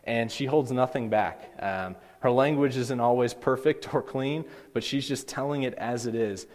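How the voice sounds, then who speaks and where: A man's voice: medium pitch, moderate pace, a little mellow. A man preaching a sermon as a pastor, earnest and building to emphatic pleas. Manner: earnest, rising to emphatic pleas in quoted lines. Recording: long hall reverb.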